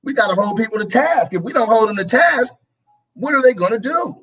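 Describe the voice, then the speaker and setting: A man's voice: very high-pitched, animated, brisk, fairly bright tone, husky, poor audio. A male talk show host delivering a preachy political commentary monologue, repeating his phrases and acting out both sides of an argument.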